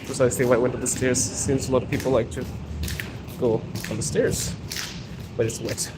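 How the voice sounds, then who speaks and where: A man walks through a metro station hosting a casual live stream on a handheld phone, chatting straight to his viewers. His mid-range voice is flat and fairly quick, and loud metro and street noise fills the background.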